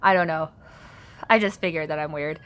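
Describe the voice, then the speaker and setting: A woman's voice: low-pitched, brisk, fairly bright tone. A woman hosting a casual live stream from home. She reads viewer comments aloud and answers them, chatty and self-conscious, laughing often.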